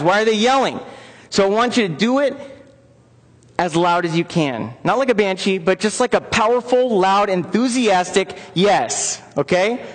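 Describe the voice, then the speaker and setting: A man with a rather high voice leads an interactive lecture for personal trainers. He talks in an upbeat way and keeps coaxing the audience to take part. His voice rings out with the long reverb of a large conference hall. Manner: upbeat, coaxes the audience into joining in.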